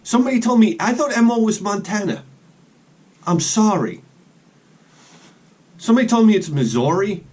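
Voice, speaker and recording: A man talks in a loose, rambling vlog style, drifting from one joking aside to the next. His voice has a slightly husky edge. His pitch moves a lot as he talks. He is recording outdoors. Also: lively intonation, normal speed, long pauses, a little mellow. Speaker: collector vlogger.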